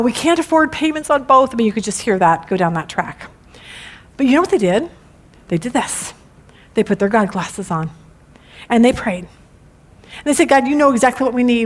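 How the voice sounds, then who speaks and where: A middle-aged woman teaching a women's Bible study lesson, animated and emphatic, with frequent restarts. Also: a little high.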